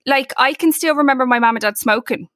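A woman's voice: high-pitched, quick pace, a bit bright, dry recording, clean studio sound. An Irish woman in her forties, chatting casually as a podcast co-host, swearing freely and acting out the voices in her stories. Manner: chatty, swearing, acts out quoted voices in anecdotes. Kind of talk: casual chat.

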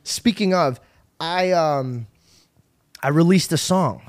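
A man hosting a podcast, talking in an excitable, rambling way and swearing often. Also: on the high side, takes it slowly, no room sound. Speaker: podcast host. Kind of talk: casual chat.

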